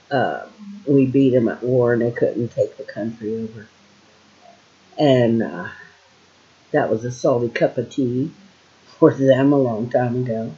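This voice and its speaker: An older woman from Ohio muses aloud at home in a slow, unhurried drawl, wandering from thought to thought with plenty of fillers. The recording sounds dull and lo-fi. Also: a bass voice, darkish tone. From Ohio, USA. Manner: meandering, with many fillers and trailing thoughts. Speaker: vlogger. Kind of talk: casual rambling monologue.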